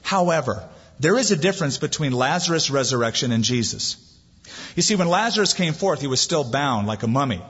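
A man's voice: mid-range voice, expressive, fairly quick, a bit bright, husky. A man preaching a sermon as pastor, building emphasis and reading scripture aloud. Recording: dull lo-fi sound with long hall reverb.

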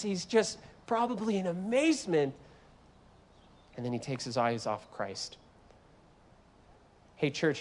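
A man preaching a sermon in an animated, joking way, acting out voices from the scripture he reads. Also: mid-range voice, a little hiss or hum. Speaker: guest preacher.

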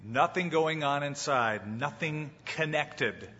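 A man's voice: a little high, slow pace, pushed and bright, slight background noise. Man preaching a dramatic sermon. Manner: dramatic, acts out quoted voices. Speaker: pastor. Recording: muffled hall recording with long reverb.

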